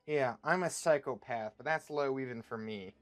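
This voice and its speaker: A man's voice: medium pitch, normal speed, lightly acted. A man voicing a grumpy, broke male crook who talks in a snappy, sarcastic way. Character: grumpy broke male self-described psychopath.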